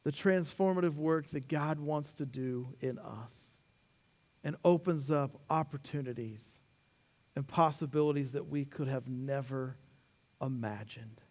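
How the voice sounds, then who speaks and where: A man preaching as a pastor, animated in his storytelling, acting out quotes with sudden rises and then slowing and dropping low on key words. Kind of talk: sermon.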